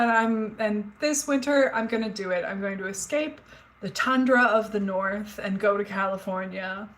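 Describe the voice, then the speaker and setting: This is a low-quality recording of a woman in her forties whose voice is medium-pitched, fairly bright, and a little slow. Hosting a livestream from her home, indoors, she chats frankly with viewers and the live chat, rambling through stories with fillers and the odd swear.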